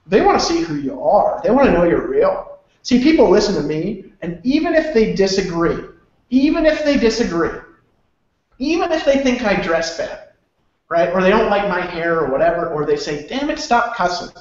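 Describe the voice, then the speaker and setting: A man's voice: high-pitched, big pitch swings, normal speed, a little mellow. A man hosting an online sales talk who rambles, swears, restarts his sentences and laughs often. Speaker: host of an online sales webinar. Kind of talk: loose, rambling sales pitch. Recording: very echoey room, dull lo-fi sound.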